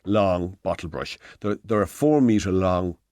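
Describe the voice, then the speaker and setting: A man's voice: sits low, unhurried, a little mellow, no room sound. A man of sixty with an Irish accent, giving home repair advice on a radio show in a rambling, self-correcting way, speaking into a studio mic. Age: 60s. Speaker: hardware expert guest.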